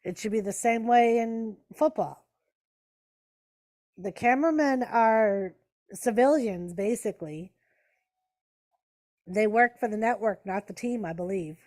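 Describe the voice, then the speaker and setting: A woman runs a casual live-stream watch party, chatting with viewers, answering chat, calling the action and talking to her pets. Her voice is on the high side and a little mellow, a little slow, with frequent pauses.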